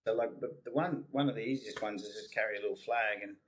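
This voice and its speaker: A man with a lowish voice talks through horse training in easy, chatty interview answers. He explains with plain everyday comparisons. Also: fast talker, low-quality recording.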